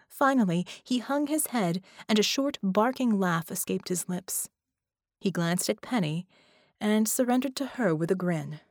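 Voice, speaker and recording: Woman, audiobook narrator, steady, even, mid pitch, dry close mic. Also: measured pace, dry recording. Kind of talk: scripted narration.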